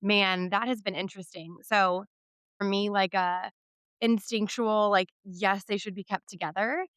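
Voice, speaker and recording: A woman's voice: medium pitch, a bit bright, smooth, dry recording. A woman hosting a parenting podcast, speaking in a thoughtful, conversational way. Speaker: podcast host, twin mom. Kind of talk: casual interview chat.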